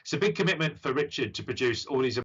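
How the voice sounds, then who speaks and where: British guy doing psychic readings on a stream, bright voice, bit muffled lo-fi audio, lots of ums. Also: mid-range voice, lively intonation, fast, slightly rough. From United Kingdom. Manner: warm, encouraging, rambling with many fillers. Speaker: psychic medium.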